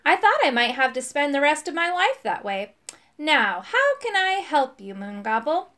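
A woman voicing a cheerful, hard-of-hearing old male knight in a storybook, loud and excitable. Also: high voice, normal speed, voice pushed up. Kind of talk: storybook character voice.

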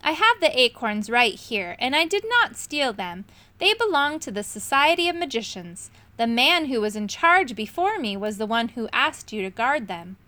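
A woman's voice: on the high side, very animated, normal speed, pushed and bright, dry recording. A woman voicing a scheming male magician villain, reading with a sneering, mocking manner for a storybook. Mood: smug.

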